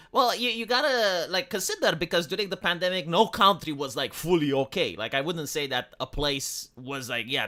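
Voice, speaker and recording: A man's voice: on the high side, pushed and bright. A man from Romania ranting on a livestream, profane and full of restarts and fillers. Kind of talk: casual opinionated livestream rant.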